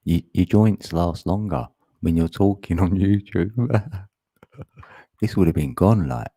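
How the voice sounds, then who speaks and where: Chill guy on a home livestream, dry close mic, lots of laughs and shoutouts. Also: low voice, slow pace, slightly rough, no echo. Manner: chatty, laughing often, greeting viewers. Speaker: live streamer. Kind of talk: casual live-stream chat.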